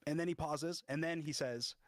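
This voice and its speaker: A man explaining himself in a livestream discussion, halting and restarting often with many fillers. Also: a little high, a bit bright, dry recording. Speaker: interview guest.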